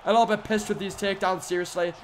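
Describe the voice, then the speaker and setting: High-voiced excitable young man gaming. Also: quick pace, slight background noise. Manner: excitable, yelling at the game, swings from muttering to screaming. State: voice going hoarse from shouting. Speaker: gaming commentator. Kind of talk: live let's-play commentary.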